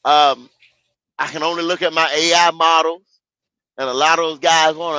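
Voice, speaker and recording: A man hosting a sports podcast in casual chat, animated and emphatic, repeating himself for effect. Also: on the high side, normal speed, long pauses, clean tone, dry recording, muffled recording. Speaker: podcast host.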